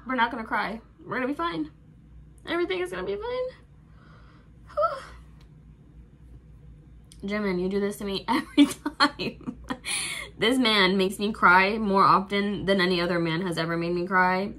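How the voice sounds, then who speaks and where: A woman's voice: medium pitch, lively intonation, normal speed, long pauses, fairly bright tone. A woman hosting a reaction video, gushing in casual fan chat and using "like" constantly. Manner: gushing, effusive, heavy use of "like".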